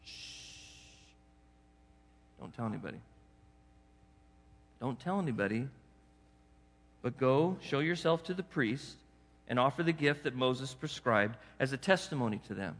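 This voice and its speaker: A calm, compassionate healer, put on by a male preacher, speaks low and hushed. The voice is bright and carries a long hall reverb. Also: moderate pace, lightly acted. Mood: gentle. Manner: low and hushed, soft-spoken.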